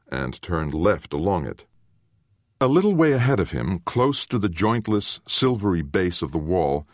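A man narrates a novel aloud in a very low voice, reading at an unhurried pace. His intonation rises and falls with animation, in a measured storytelling manner. The recording is dry and close. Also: no room sound. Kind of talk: audiobook narration.

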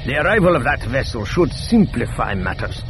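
A man's voice: medium pitch, very animated, brisk, background noise, close to an everyday voice. A man voicing a cold, scheming male alien commander in an audiobook, curt and commanding. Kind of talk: audiobook character voice.

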